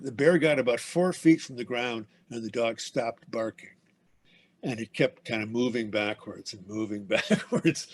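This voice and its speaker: A man hosting a book club, telling a rambling anecdote and laughing as he goes. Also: medium pitch. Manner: rambling, laughs through his story.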